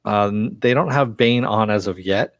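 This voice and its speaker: A man's voice: lowish voice, moderate pace, no echo. A man casually recapping and reviewing a TV episode, rambling with many fillers. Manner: rambling, filler-heavy retelling.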